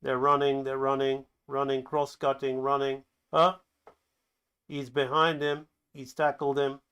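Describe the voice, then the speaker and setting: A man's voice: mid-range voice, moderate pace, smooth. A man who teaches animation talks through his own animatic in a loose, chatty way, calling the action play by play. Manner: lively, excited commentary that acts out the scenes; loose, chatty, with fillers and restarts. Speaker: animation instructor.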